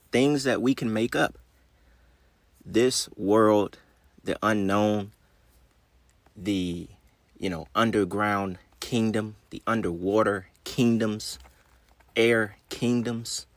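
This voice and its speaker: A man with a low, fairly bright voice hosts his channel in a dry, echo-free recording. Just back from the dentist, he reads an article aloud and then comments on it, his speech a little slurred.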